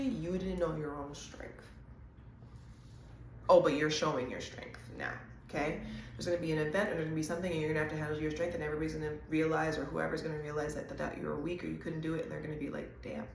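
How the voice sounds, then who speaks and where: A woman's voice: deep voice, slight background noise. Chatty woman in an echoey room. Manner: chatty and animated, with laughs and quick asides. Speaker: host. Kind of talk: casual intuitive reading to viewers.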